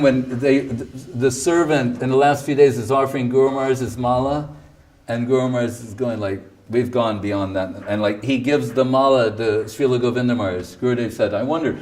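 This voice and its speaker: A man's voice: medium pitch, a little mellow, recorded from a distance. A man giving a spiritual talk in a conversational storytelling manner, full of rhetorical questions and acted-out quotes. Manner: acts out quoted speech. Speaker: spiritual teacher. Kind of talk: storytelling lecture.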